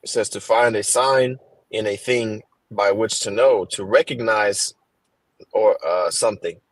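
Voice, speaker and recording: During a casual Bible class, a man reads verses slowly and haltingly, stopping and restarting with fillers. His voice is fairly low, captured on stream headphones in a low-quality recording with no room sound.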